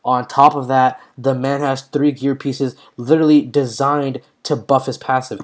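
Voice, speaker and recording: A man's voice: medium pitch, little pitch movement, moderate pace. A young man giving live commentary while playing a mobile fighting game, talking in slang and often exclaiming in frustration.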